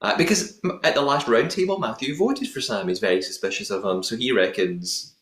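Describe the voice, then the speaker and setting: A man hosts a podcast, recapping an episode in a playful, chatty way packed with puns. His voice is medium-pitched and fairly bright, a little fast with few pauses, in a roomy room with echo.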